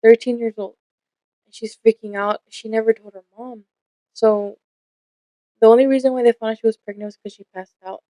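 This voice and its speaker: A woman's voice: on the high side, steady tone, brisk, pauses often, warm tone, no room sound, rough recording. A young woman co-hosting a casual podcast, telling stories candidly and swearing freely, acting out the lines of the people in them. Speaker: podcast co-host.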